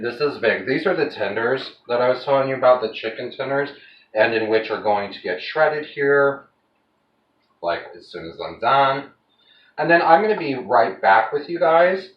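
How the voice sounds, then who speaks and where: A man's voice: on the low side, roomy sound, dull audio. A man chatting casually to his viewers while he cooks at home, rambling from one thought to the next. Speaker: home cooking vlogger. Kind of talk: casual cooking vlog chat. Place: home kitchen.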